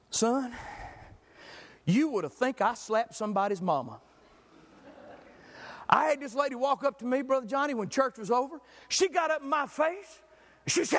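A man's voice: very high voice, moderate pace, pauses often, long reverb tail. A man preaching a sermon in a church, telling stories and joking with the congregation. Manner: animated storytelling, jokes with the congregation.

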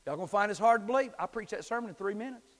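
A man preaching a sermon, swinging from shouting to hushed tones. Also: high voice, animated, very fast, big-room sound, background noise. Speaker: pastor. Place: church sanctuary.

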